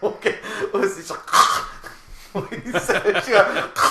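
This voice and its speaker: A man's voice: high-pitched, expressive, drawn-out words, gravelly, roomy sound, very noisy. A man in his thirties hosting a casual movie commentary, crude and joking, laughing often.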